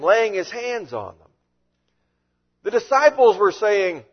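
A man preaching a sermon as a pastor, with animated delivery and frequent rhetorical questions. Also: high voice, unhurried, slightly rough, lo-fi sound.

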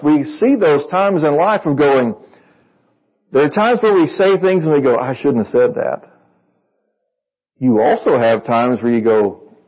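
A man's voice: mid-range voice, breathy edge, muffled recording. A man preaching a sermon to a congregation in a conversational way, reading verses and asking them questions. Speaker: pastor.

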